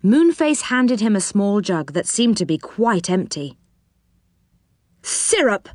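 A woman reading a children's story aloud in a gentle, unhurried storytelling manner. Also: mid-range voice, very animated, no room sound, clean studio sound.

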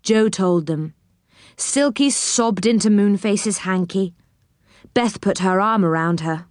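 A woman reading a children's chapter book aloud, gently and expressively. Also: mid-range voice, dry recording, studio quality. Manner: slow, gentle, expressive reading with voices for characters. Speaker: storybook reader.

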